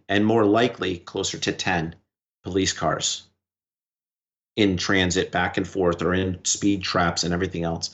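A man with a fairly low voice recounts a story as a podcast guest. He talks in short bursts and quotes each exchange back and forth. The recording sounds dull and lo-fi. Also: a bit bright. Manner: recounts events in quick short bursts, quoting dialogue. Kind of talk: conversational storytelling.

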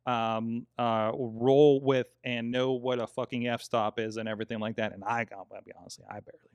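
A man's voice: mid-range voice, flat delivery, normal speed, clean tone, dry recording. A man co-hosting a podcast in casual chat, rambling with many fillers and restarts and swearing often. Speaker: podcast co-host.

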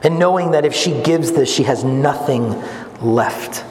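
Earnest preacher in an echoey hall. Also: male voice, measured pace. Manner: earnest, rising to emphatic peaks then dropping low and quiet; gestures while speaking. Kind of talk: sermon. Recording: echoey hall with long reverb, faint noise.

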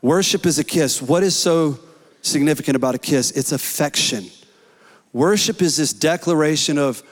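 A man preaching a sermon, earnest and rising to shouts in prayer. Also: a little high, fairly quick. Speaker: pastor. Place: church hall. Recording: long hall reverb.

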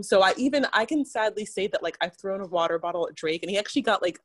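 A woman's voice: medium pitch, fairly quick. A woman telling a personal story in casual chat, full of "like" and quoted back-and-forth. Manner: chatty, fillers like "like", quotes others. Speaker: guest.

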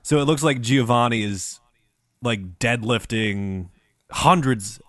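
A man's voice: mid-range voice, slow, a bit bright, no echo. A man co-hosting a comedy podcast, reacting with dry quips and wry comments. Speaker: podcast co-host. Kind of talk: casual comedic banter.

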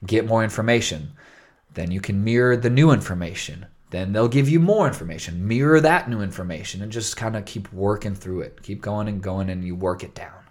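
A man's voice: on the low side, brisk, darkish tone. A man co-hosting a casual chat, telling a story enthusiastically with plenty of casual filler words. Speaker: podcast co-host.

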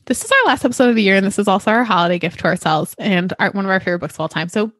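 A woman's voice: mid-range voice, lively intonation, rapid-fire, a bit bright, dry recording, studio quality. A woman in her thirties co-hosting a book podcast, talking enthusiastically about a favorite novel with lots of fillers. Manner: enthusiastic, gushing, many fillers. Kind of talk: casual book chat.

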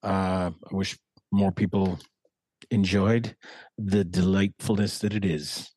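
A man's voice: deep voice, steady tone, slow, darkish tone, breathy edge, no room sound. A man from Canada's East Coast with an East Coast accent, a podcast guest rambling through stories in casual chat. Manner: rambling, folksy storyteller.

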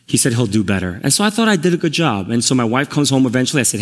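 A middle-aged pastor telling a personal story in a sermon, candid and self-deprecating, growing animated. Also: male voice, medium pitch, racing, few pauses. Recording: long reverb of a large hall.

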